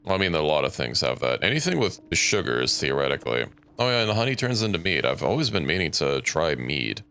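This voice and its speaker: A man's voice: extremely low pitch, big pitch swings, brisk, bright, forceful tone, clean tone. A young man streaming a game, thinking aloud in a rambling, casual way and correcting himself as he goes. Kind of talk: casual gameplay commentary.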